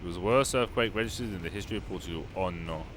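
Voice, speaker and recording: A young man with a low voice talks very fast while playing a racing game, tossing out chatty, wry commentary and responding to his live chat. He's a gaming YouTuber, and behind him are game music and car engines, plus a faint hiss or hum.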